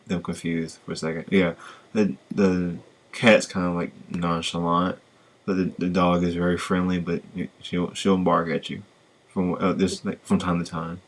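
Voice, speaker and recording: A man hosting a podcast, chatting in a relaxed, hesitant way. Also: low voice, moderate pace. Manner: relaxed, hesitant, many fillers and restarts. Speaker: podcast host. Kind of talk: casual chat.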